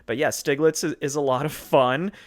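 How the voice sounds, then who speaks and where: A man's voice: fairly high pitch, fairly even intonation, normal speed. A man co-hosting a podcast, chatting casually about a film, laughing often and recapping details. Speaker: podcast co-host. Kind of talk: casual chat.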